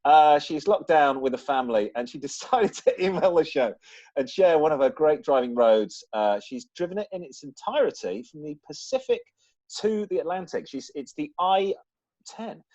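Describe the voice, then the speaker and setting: A jokey man reads listener mail on a casual podcast, his pitch bouncing all over. He throws in quips between the details. The audio is dry and muffled. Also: moderate pace, dry recording. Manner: jokey, animated, throws in quips and silly asides. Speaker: podcast co-host. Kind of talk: casual chat reading listener emails.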